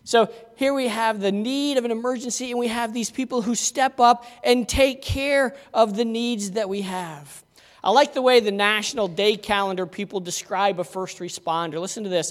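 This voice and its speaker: A man's voice: high-pitched, moderate pace, a bit bright. A man preaching a conversational sermon as pastor, telling stories in a folksy way. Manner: folksy storytelling. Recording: long hall reverb.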